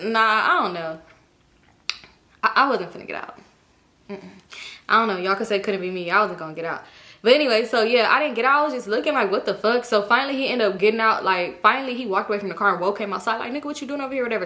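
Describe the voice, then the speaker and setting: A young woman casually telling a personal story to her viewers, animated, swearing freely and acting out what other people said. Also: a little high. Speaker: storytime vlogger.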